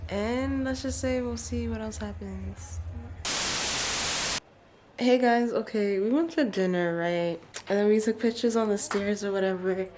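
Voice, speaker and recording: Against background noise, a woman in her early twenties from Trinidad speaks at a measured pace in a medium pitch. She is filming a casual travel vlog at a holiday resort in Jamaica, rambling with many fillers.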